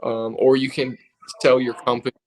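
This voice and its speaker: A man, a personal trainer, co-hosting a casual live stream, sounding tired and talking in a relaxed, rambling way. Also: mid-range voice, moderate pace. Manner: relaxed, rambling, reads comments aloud.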